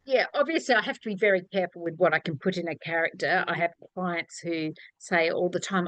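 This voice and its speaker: A middle-aged Australian woman, an author, chatting casually on a podcast and telling lively stories with acted-out quotes. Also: lowish voice, a little fast, hardly any pauses, no room sound, low-quality recording. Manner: animated storyteller, acts out quoted voices. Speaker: author guest.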